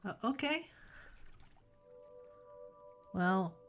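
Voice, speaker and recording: A woman's voice: medium pitch, expressive, extremely slow, a bit bright. A woman streaming a puzzle game, chatting casually and thinking aloud as she plays, with the odd offhand swear. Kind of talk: casual let's-play commentary. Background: faint game music.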